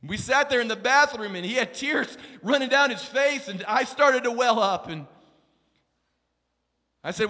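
A male pastor preaching a sermon, telling a story in a hushed voice and building up to shouted exhortation. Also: extremely high pitch, animated, unhurried, long pauses. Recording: long reverb of a large hall.

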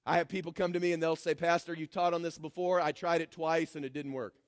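A man preaching a sermon as pastor, swinging from shouted declarations to low, mocking asides. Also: little pitch movement, quick pace, no room sound, clean studio sound. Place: church.

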